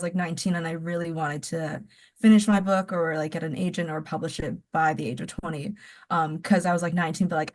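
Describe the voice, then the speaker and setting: A young woman in her twenties, an author guest on a casual podcast, who rambles and laughs often as she talks. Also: lowish voice.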